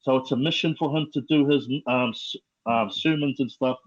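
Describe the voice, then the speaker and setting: A middle-aged man with a New Zealand accent, telling his life story as a podcast guest in a slow, reflective way with many fillers. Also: medium pitch, muffled recording. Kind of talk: personal testimony.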